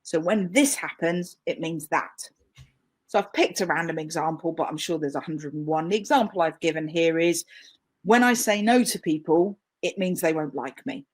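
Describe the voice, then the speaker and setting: A woman's voice: lowish voice, normal speed. A woman with a British accent giving a live webinar training talk over a video call, chatty, self-deprecating and emphatic. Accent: British English.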